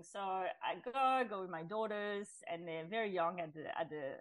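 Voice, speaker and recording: A woman's voice: fairly low pitch, moderate pace, hardly any pauses, rough recording. A middle-aged woman, a podcast guest, telling her personal story in a chatty way, with restarts and laughs. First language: French. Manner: chatty, with restarts and laughs, acts out her past self in quotes. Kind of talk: personal testimony in an interview.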